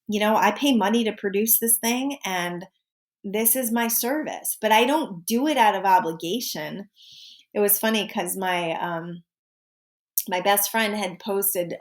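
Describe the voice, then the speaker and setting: Woman, forties, podcast host, casual monologue, lively exclamations. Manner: animated, with sudden high exclamations and asides. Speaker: podcast host and life coach.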